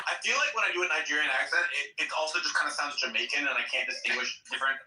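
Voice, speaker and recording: A man's voice: fairly high pitch, fast talker, sharp tone. A man in casual joking chat on a livestream, telling jokes. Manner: joking, tells jokes with quoted voices. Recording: roomy and distant from the mic.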